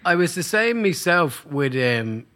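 A man's voice: on the high side, very animated, measured pace, fairly bright tone. A man from Ireland hosting an interview, talking casually and reflectively with frequent fillers. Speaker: interview host, sound mixer. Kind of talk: conversational interview.

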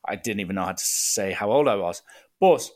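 An Irish man telling a travel story in a casual, animated rant, exasperated and mocking, with some swearing. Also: on the low side, a little fast.

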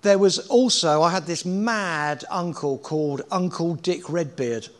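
A man's voice: on the high side, a little slow. A middle-aged man in a casual interview, telling rambling anecdotes with swearing and laughter. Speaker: guest.

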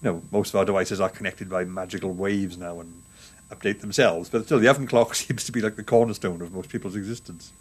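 A man's voice: sits low, fairly even intonation, quick pace, husky. A man co-hosting a podcast from his garden, easygoing and laughing often. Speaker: podcast co-host. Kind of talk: casual podcast chat. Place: garden outdoors.

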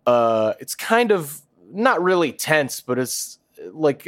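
A man co-hosting a podcast, laid-back and hesitant, trailing off and restarting his thoughts. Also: on the high side. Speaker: podcast co-host. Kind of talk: casual chat.

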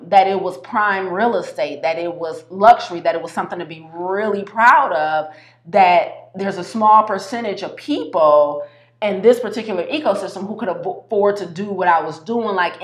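A woman giving a casual motivational talk, animated and full of slang, repeating herself and restarting sentences. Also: medium pitch, echoey room. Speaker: health coach.

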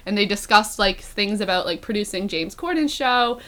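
Bright, giggly young woman podcaster. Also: mid-range voice, expressive, moderate pace. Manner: giggly, upbeat, many fillers. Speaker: podcast host. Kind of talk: casual celebrity gossip chat.

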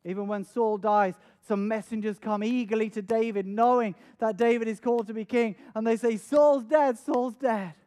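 High-voiced man preaching a sermon. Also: little pitch movement, fairly quick, few pauses, darkish tone. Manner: earnest, repeats words when stressing a point; dramatic, acts out scenes with raised voice.

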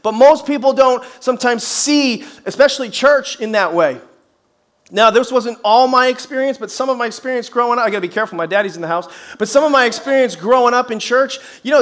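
A middle-aged man preaching a sermon to a church congregation. He is energetic and emphatic, mixes in folksy humor and rhetorical questions, and rises to shouts on key phrases. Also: very high-pitched, quick pace. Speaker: pastor. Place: church service before a congregation.

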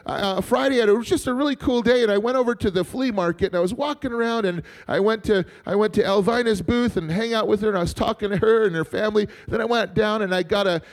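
High-voiced chatty man preaching. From Montana. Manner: chatty, joking, asks the congregation to respond. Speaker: pastor. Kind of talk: sermon storytelling. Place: church.

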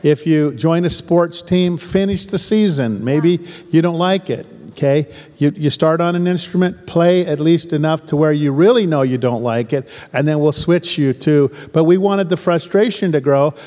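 An older man in his sixties, from southern Oregon, preaches as a pastor in an emphatic, folksy way, driving points home through repetition. His voice sits a little high for a man. The sound carries a long echo from a church hall. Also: normal speed, hardly any pauses, dark tone. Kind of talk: sermon.

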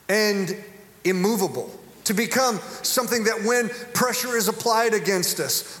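A man's voice: high voice, a bit bright. A middle-aged man preaching a sermon as a pastor, mixing humorous storytelling with earnest preaching. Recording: echoey hall with long reverb.

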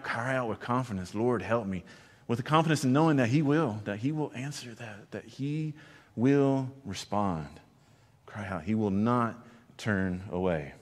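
A male pastor preaching a sermon, earnestly shifting between loud emphasis and quiet, slow lines. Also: medium pitch. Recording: long hall reverb.

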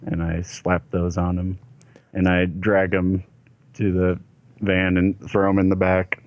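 A man's voice: low voice, completely flat delivery, measured pace, dry recording, highs cut off. A man playing a tabletop role-playing game, speaking in character with a sarcastic edge and frequent laughter. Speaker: player.

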